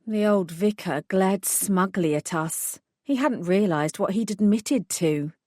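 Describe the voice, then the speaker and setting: A woman narrating a first-person audiobook in an even, clear manner. Her voice sits at a middle pitch, close and dry from the studio booth. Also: measured pace, no room sound.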